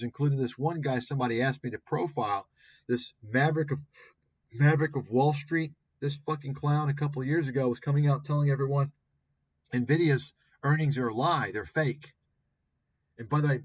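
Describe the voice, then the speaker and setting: Combative male livestream host, profane and scornful, husky tone, dull lo-fi audio. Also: mid-range voice, dry recording. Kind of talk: ranting commentary on clips.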